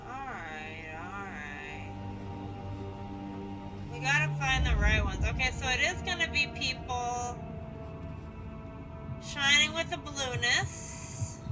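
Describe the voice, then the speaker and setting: Slow-talking high-voiced woman streamer. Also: animated, rough recording. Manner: playful, chatty, swears freely, muttering asides. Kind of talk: casual gameplay commentary. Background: game music.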